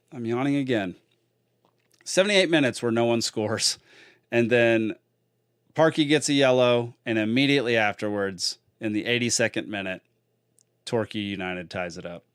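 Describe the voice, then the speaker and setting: Smooth-voiced podcast host. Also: male voice, on the low side, fairly bright tone, no room sound, clean studio sound. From Texas. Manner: chatty and rambling, with many fillers and restarts. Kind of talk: casual solo podcast recap.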